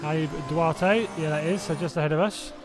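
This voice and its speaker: A man's voice: on the high side, fairly even intonation, normal speed, noisy background. Chatty man hosting a race watch-along. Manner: chatty, laughs often, reacts aloud to crashes. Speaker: streamer hosting a sim racing watch-along. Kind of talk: casual live-stream chat.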